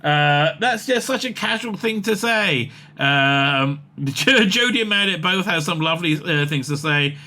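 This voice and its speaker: A man riffs casually and comically on an interview, excitable and rambling, full of fillers and laughter. His voice is a little high, his pace unhurried, and he barely pauses.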